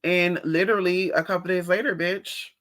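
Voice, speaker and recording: Sassy woman chatting on a livestream. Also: moderate pace. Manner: sassy, animated storytelling with big pitch jumps when quoting people. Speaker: livestream host. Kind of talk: casual livestream chat.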